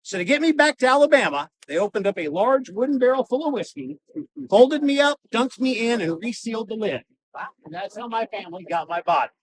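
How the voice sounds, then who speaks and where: A man performing a first-person historical monologue as a costumed reenactor, telling his story with dramatic pauses and wry humor. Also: very high-pitched, animated, husky, poor audio. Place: outdoors in a cemetery.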